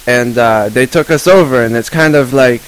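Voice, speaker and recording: A man's voice: medium pitch, normal speed, clear, resonant tone, close to an everyday voice, low-quality recording. A man playing an unhinged rock guitarist in an improvised comedy interview, rambling and stumbling over absurd claims.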